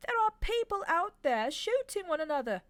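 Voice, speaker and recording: Aziraphale, a prim high-voiced angel, read by a woman. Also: very animated, moderate pace. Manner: sweet, prim. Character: fussy, gentle male angel. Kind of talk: audiobook reading.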